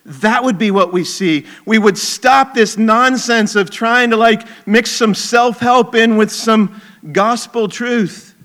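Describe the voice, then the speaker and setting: Casting: male pastor with a high, bright voice, preaching in an easy, conversational way. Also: takes it slowly. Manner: conversational preaching, drops to quiet intensity. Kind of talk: sermon.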